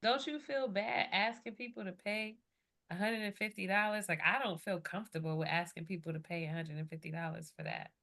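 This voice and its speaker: A woman speaking over a video call at an ordinary pitch. She asks slow, hesitant questions, voicing a doubtful prospect's concerns. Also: vocal fry, a bit bright. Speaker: training participant.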